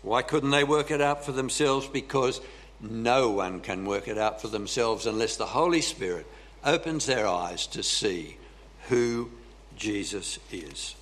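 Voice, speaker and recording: A male preacher delivers a sermon at a slow, unhurried pace. He leans on dramatic pauses and often clears his throat. His pitch sits in an ordinary middle range for a man. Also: fairly bright tone, slight background noise.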